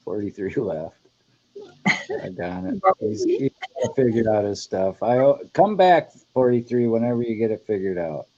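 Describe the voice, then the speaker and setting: A man hosting a casual group chat, joking, teasing and laughing loudly. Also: fairly low pitch, lively intonation, moderate pace, hardly any pauses, dull audio. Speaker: podcast host.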